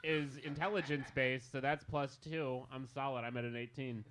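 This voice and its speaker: A man's voice: medium pitch, steady tone, moderate pace, fairly bright tone. A man playing a tabletop game, offhand and talking through dice rolls. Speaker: player. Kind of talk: casual tabletop chat.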